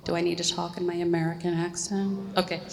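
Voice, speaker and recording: A woman's voice: fairly low pitch, flat delivery, fast talker, gravelly. A woman with a New Zealand accent speaking on a convention panel in a friendly, chatty way with many fillers. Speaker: panel guest. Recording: echoey convention hall.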